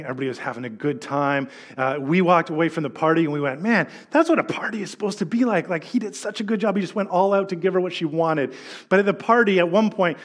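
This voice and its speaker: A middle-aged male pastor giving a sermon, telling a story with animated delivery and acted-out quotes. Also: on the high side.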